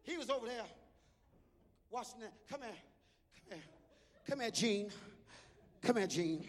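Shouting preacher man, very high gravelly voice, big hall reverb. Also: expressive, a little slow. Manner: shouting, rhythmic. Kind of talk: storytelling sermon.

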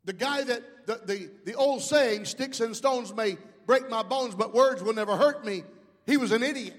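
A middle-aged male pastor preaching a sermon, calling out to the congregation and rising into shouts. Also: very high-pitched, moderate pace, in a large hall. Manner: preaching with call-outs to the congregation.

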